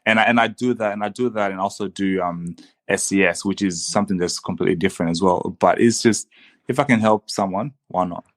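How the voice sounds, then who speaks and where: Young man, low-pitched, enthusiastic, casual podcast guest, frequent restarts. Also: fairly quick, a bit bright. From Congo. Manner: earnest, enthusiastic, many restarts and "dude". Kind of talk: casual conversation.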